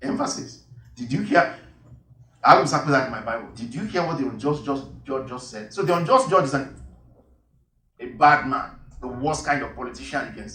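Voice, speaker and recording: A man's voice: mid-range voice, expressive, fairly quick, bright, forceful tone. A man preaching a sermon and reading Bible verses, emphatic and repeating key phrases. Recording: echoey hall, voice from far off.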